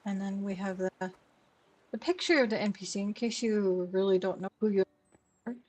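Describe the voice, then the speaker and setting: A woman's voice: mid-range voice, moderate pace, darkish tone, far from the mic. A young woman streaming a cozy game, chatting casually and reading the on-screen text aloud.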